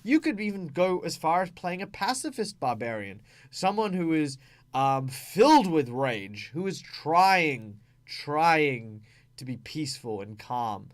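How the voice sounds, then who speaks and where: An Australian man with a slightly high voice talks casually about roleplaying, chatty and full of fillers, acting out short examples as he goes. He sounds like a gaming channel host explaining to his viewers. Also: sing-song, unhurried.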